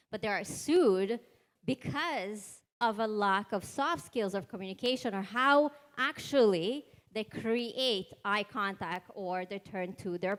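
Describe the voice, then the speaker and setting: A woman behavioral analyst speaking on a conference panel, energetic and demonstrative, putting questions to the audience. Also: medium pitch. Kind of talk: panel discussion answer. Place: conference hall.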